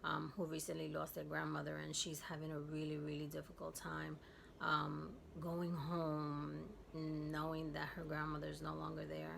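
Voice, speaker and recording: Low, gravelly woman telling a story. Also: slight background noise. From Guatemala. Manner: soft, halting, with many fillers. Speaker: vlogger. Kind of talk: personal storytelling vlog.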